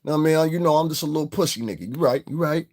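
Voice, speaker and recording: A man's voice: fairly high pitch, racing, darkish tone. A man hosting a livestream, ranting bluntly and profanely straight at his chat and slipping into mocking voices of others. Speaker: online show host. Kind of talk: casual livestream rant.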